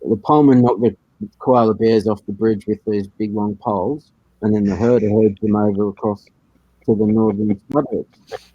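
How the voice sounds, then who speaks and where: A man's voice: fairly low pitch, fairly even intonation, moderate pace, warm tone, no room sound, lo-fi sound. An Australian man telling a tall story in a casual voice chat, laid-back and chuckling at his own jokes.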